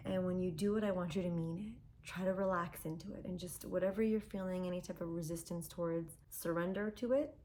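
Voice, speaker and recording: A woman talking casually to camera from a quiet room at home. She speaks earnestly, with animated, heartfelt emphasis. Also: fairly low pitch, fairly quick, few pauses. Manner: earnest and animated, acts out quoted dialogue. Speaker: self-development vlogger. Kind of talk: casual personal talk to camera. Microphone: phone. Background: dog and traffic sounds at times.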